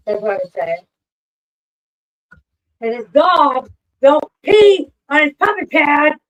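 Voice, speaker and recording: A woman streamer in casual livestream chat, ranting with lots of swearing and shouting at her pets. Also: mid-range voice, measured pace, pauses often, low-quality recording.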